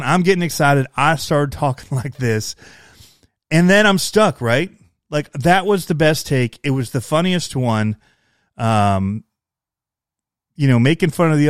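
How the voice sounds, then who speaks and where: Casual male hobby creator, slight Southern accent, self-deprecating rambler, mid pitch, dry close mic. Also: no echo. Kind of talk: casual chat.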